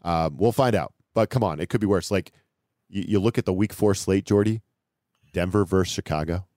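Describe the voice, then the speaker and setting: A man co-hosting a casual sports podcast, talking in an animated way with repeated phrases and laughing asides. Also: sits low, fairly quick, no room sound, clean studio sound. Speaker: podcast co-host.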